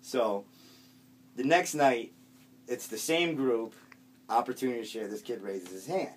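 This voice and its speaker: A man's voice: medium pitch, measured pace, recorded from a distance, slight background noise. A man casually telling a funny story, rambling with fillers and swearing. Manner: rambling, full of fillers and cursing.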